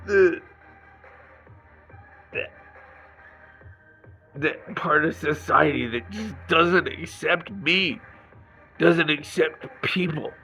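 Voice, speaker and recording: Man, slow-talking and angry, gravelly voice, raw emotional rant, dull lo-fi sound with faint music. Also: on the high side, bright, forceful tone. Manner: angry, raw venting with restarts and swearing. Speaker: vlogger. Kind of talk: emotional personal rant to camera.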